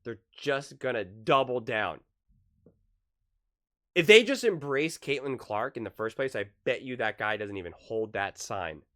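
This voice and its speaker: A man hosting a casual basketball opinion vlog, talking with analogies and acting out quotes. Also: medium pitch. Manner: lively, with acted-out quotes and analogies. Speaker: basketball commentary host.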